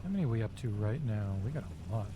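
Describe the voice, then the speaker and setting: Excitable swearing man streaming a game. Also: on the low side, quick pace, background noise. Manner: excitable, swears freely, talks to chat. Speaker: charity livestream gamer. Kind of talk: casual game-stream commentary. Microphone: headset. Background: game music.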